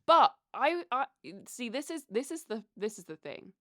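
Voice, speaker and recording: A woman's voice: sits high, expressive, moderate pace, fairly bright tone, no echo, clean studio sound. A British woman co-hosting a podcast, chatting candidly and swearing freely. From England. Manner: candid and profane. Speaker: podcast co-host. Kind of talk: casual chat. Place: recorded apart from co-host, living in Los Angeles.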